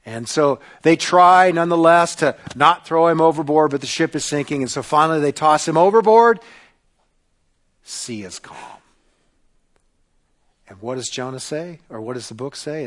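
A male pastor preaching a sermon, retelling a story dramatically and dropping to a hush on key lines, then leading communion and prayer. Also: on the high side, normal speed.

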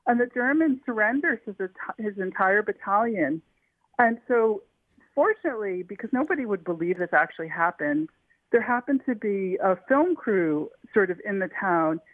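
A woman author tells a wartime story to an interviewer with eager energy, often restarting her sentences. Her voice comes down a tinny, dry phone line. Her pitch sits in the middle range. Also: animated, moderate pace, no echo. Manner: eager, with frequent restarts and fillers. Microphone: telephone.

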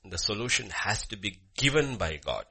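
A man preaching a sermon with a personal story, swinging from loud emphasis to hushed murmurs. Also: lowish voice, sing-song, normal speed, vocal fry, husky. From Bhutan.

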